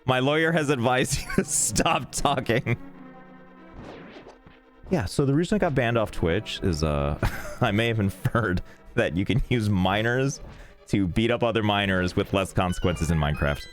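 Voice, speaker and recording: A man's voice: lowish voice, moderate pace, soft background music. A man streaming a video game live, chatting and joking with chat in a rambling, irreverent way, swearing freely. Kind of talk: casual live-stream banter while gaming.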